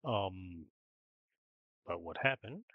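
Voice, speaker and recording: A man's voice: low voice, animated, slow, no echo, narrow, tinny audio. A man hosting a daily gameplay video, thinking aloud in casual commentary with many ums and "right?"s.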